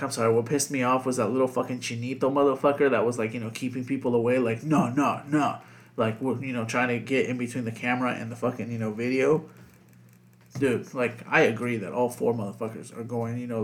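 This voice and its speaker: A man's voice: mid-range voice, steady tone, fast. A man co-hosting a casual podcast chat, rambling with lots of fillers and constant swearing. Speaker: podcast co-host.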